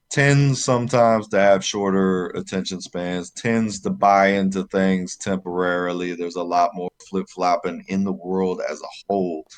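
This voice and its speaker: A man with a very deep voice offers a measured, deliberate opinion in casual sports chat. He speaks as a podcast co-host.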